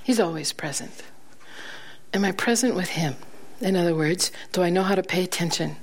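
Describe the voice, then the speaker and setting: A woman preaching a sermon, telling stories with laughter between points, slowing down for emphasis and dropping to a soft, quiet voice. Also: fairly low pitch. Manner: slows down for emphasis, then drops to a soft, quiet voice. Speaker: guest preacher.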